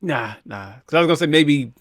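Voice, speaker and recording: A man in a casual podcast conversation who talks in relaxed slang and laughs often. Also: fairly high pitch, fairly quick. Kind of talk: casual chat.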